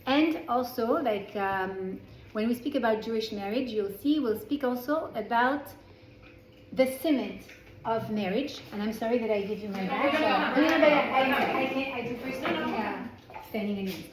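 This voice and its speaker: A woman's voice: fairly high pitch, moderate pace, crowd noise. A woman from France with a French accent, teaching a Torah class in a chatty way and often restarting her sentences. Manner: chatty, self-correcting, with frequent restarts. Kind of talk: informal class lecture. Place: indoor class room with a small group. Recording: roomy echo in a class room.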